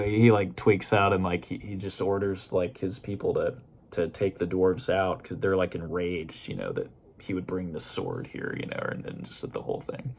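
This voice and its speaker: Low-voiced man rambling about a book. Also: normal speed, creaky, breathy edge. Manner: rambling and loose, full of hedges like "you know" and "kind of". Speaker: book discussion host. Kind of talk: casual spoken book review.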